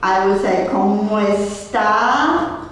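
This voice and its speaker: Slow, echoey woman teaching a class. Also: medium pitch, expressive. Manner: patient, repeats words for the class to echo. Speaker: Spanish teacher. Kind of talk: classroom language lesson. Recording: echoey room, mic far off.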